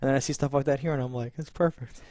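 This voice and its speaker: A man co-hosting a casual TV review chat, animated and laughing often as he acts out scenes. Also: medium pitch, very fast, no room sound, studio quality. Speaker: podcast co-host.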